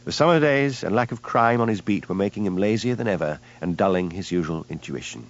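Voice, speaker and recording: A man narrating an audiobook with an expressive, varied delivery. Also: sits low, brisk, highs cut off. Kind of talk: scripted narration.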